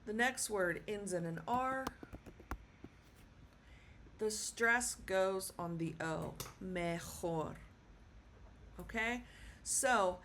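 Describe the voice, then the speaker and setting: A woman teaches at an easy, slow pace, patiently repeating each word so learners can follow. Her pitch sits in a middle range. A faint background hum sits under her voice in a small room. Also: fairly bright tone. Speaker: Spanish teacher. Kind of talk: casual video lesson.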